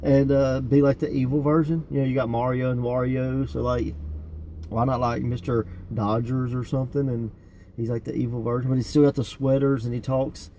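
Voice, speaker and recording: A man's voice: mid-range voice, level tone, normal speed, mellow, a little hiss or hum. A man co-hosting a casual wrestling podcast, chatty and laughing often, with many fillers. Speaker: podcast co-host. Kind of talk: casual chat.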